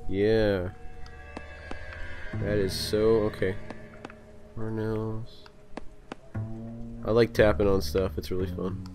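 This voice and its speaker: A man's voice: on the low side, little pitch movement, slow pace, long pauses, over music. A young man from Texas with a Texan accent, joking crudely and chatting to viewers while playing a game. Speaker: gameplay commentator. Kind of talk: casual let's play commentary.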